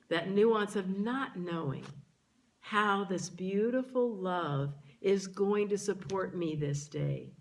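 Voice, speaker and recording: A woman minister delivering a sermon in a church, speaking to the congregation and drawing out key words for emphasis. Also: lowish voice. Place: church sanctuary.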